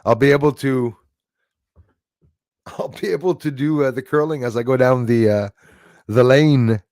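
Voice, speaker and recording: A man's voice: medium pitch, a little slow, a little mellow, dry recording, studio quality. A man hosting a casual livestream, reading viewer comments aloud, chuckling often and rambling between topics. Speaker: livestream host.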